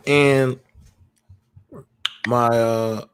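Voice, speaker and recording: A man hosting a casual call-in podcast, telling personal stories in a lively, preachy way with slang. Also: medium pitch, extremely slow, clean tone. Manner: animated, preachy storytelling with slang. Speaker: podcast host.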